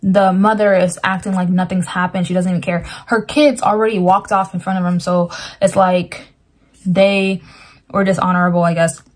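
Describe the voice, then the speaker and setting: A woman's voice: lowish voice, little pitch movement, normal speed. Earnest woman rambling through a dream. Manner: rambling, lots of "like" fillers; earnest, interprets with scripture. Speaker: Christian dream sharer. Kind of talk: casual dream retelling.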